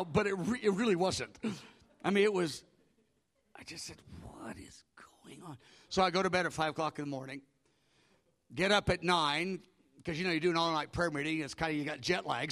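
A middle-aged man preaching, with a somewhat high voice. He tells a personal story in an animated way, acting out his own prayers and often dropping to a near-hush for them. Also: gravelly. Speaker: pastor. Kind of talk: sermon storytelling.

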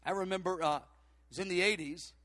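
A man's voice: high voice, fast talker, no room sound. An older man preaching, telling a long personal story with many fillers and restarts. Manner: animated, rambling anecdotes with many fillers and restarts. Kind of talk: storytelling sermon.

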